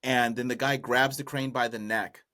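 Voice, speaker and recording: A man's voice: mid-range voice, steady tone, moderate pace, pushed and bright. A man hosting a podcast, casually retelling a folk tale with amused, rambling asides. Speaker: podcast host. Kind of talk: casual comedic storytelling.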